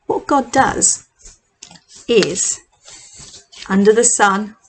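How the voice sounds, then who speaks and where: A middle-aged woman leading a children's church session, telling a Bible story with props in an animated, expressive way. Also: mid-range voice, extremely slow, a little hiss or hum, poor audio.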